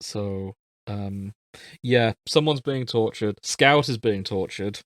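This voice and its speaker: A man's voice: lowish voice, slow pace, dry recording, studio quality. A man co-hosting a casual podcast chat, joking and laughing at himself. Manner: laughing, self-deprecating banter. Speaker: podcast co-host.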